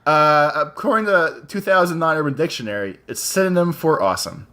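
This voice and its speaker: A man's voice: fairly high pitch, lively intonation, a little fast, bright, forceful tone. A man co-hosting a casual podcast chat, crude and joking, laughing often. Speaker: podcast co-host.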